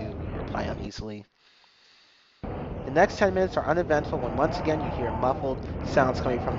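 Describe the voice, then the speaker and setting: A man's voice: on the high side, brisk. A man streaming himself reading a text war game aloud, joking and swearing between passages, on a muffled noisy recording. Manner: jokey, animated, swears, reads narration aloud. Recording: muffled lo-fi with loud hiss.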